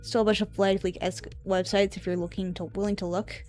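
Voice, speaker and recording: A woman streaming live, talking casually at an ordinary mid pitch. She rambles in an offhand way and drifts off into asides. Faint music plays quietly behind her voice. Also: level tone, a little fast.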